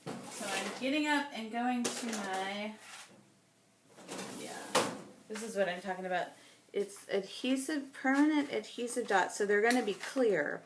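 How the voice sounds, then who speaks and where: A woman in her thirties, chatty and rambling as she thinks aloud while scrapbooking, her voice going a little hoarse. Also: mid-range voice, measured pace, echoey room, noisy background. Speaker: scrapbooking vlogger. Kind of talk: casual crafting chat.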